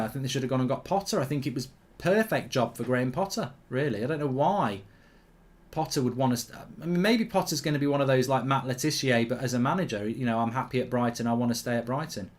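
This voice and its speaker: A man's voice: medium pitch, lively intonation, fast. A man hosting a live football watchalong, chatting opinionatedly and reacting to the match. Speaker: host.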